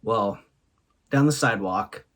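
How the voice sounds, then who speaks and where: A man's voice: fairly low pitch, unhurried, fairly bright tone. A man hosting a vlog, telling comic stories and laughing often between punchlines. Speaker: host. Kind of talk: comic storytelling monologue.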